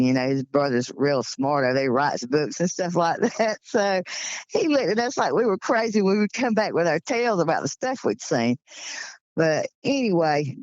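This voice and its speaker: A Southern woman from Georgia in her sixties tells her story with breathless, animated exclamations. Her voice sits at a middle pitch. The audio is dry and a little muffled. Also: no room sound. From Georgia, USA. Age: 60s. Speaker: guest telling encounter stories. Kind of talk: casual storytelling.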